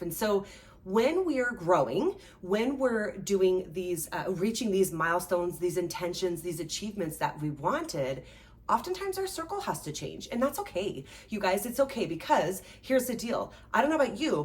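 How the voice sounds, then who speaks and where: A woman hosting a show and working as a life coach, giving a motivational talk in an animated, chatty way, with lots of "like" and "right?". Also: medium pitch, normal speed. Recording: voice a bit distant from the mic.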